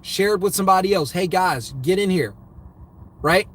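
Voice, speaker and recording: High-voiced man preaching about money. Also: normal speed, a bit bright. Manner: emphatic, repetitive, preachy. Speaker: host. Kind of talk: motivational money talk to viewers.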